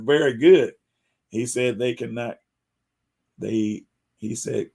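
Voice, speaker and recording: Gravelly-voiced man chatting casually. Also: mid-range voice, slow, long pauses. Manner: chatty, animated, mimics callers in a raised voice. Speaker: host. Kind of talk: casual live-stream talk.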